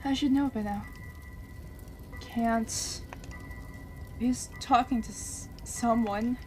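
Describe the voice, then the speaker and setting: A woman playing through a visual novel, reading its dialogue aloud with soft asides. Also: on the high side, fairly even intonation, slow pace, soft background music. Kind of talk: let's play narration.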